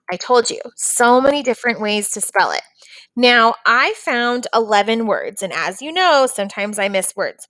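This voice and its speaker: A woman's voice: a little high, fairly bright tone, no room sound. A woman teacher patiently walking young students through a phonics and reading lesson, step by step.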